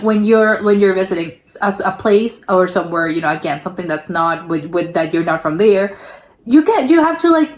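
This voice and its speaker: Opinionated young woman rambling casually. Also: mid-range voice. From South America. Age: young adult. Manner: opinionated, rambling, many restarts. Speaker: reaction video host.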